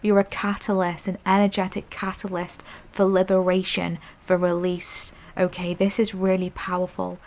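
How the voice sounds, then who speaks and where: A woman giving a soft, affirming pick-a-card tarot reading, often checking in with "okay?" and "I'm hearing.". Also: on the low side, completely flat delivery, normal speed, hardly any pauses. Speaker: intuitive tarot reader.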